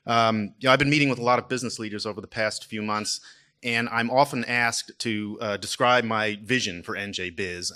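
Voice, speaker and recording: A man's voice: on the low side, bright, forceful tone. A man opening a business event with welcoming, lightly humorous prepared remarks. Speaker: event host, editor.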